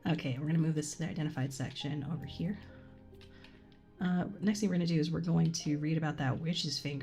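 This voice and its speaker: A soft-spoken woman streaming a game from a room at home, often dropping to a whisper as she reads game text, a little congested from a cold, on a condenser desk mic. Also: deep voice, steady tone, quick pace, faint music behind. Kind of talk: let's play commentary and reading game text.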